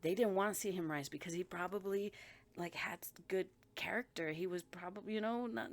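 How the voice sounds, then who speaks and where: A woman's voice: medium pitch, normal speed. A woman giving a blunt, profane intuitive reading, talking emphatically as she reads the energy of the people involved. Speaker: spiritual reader.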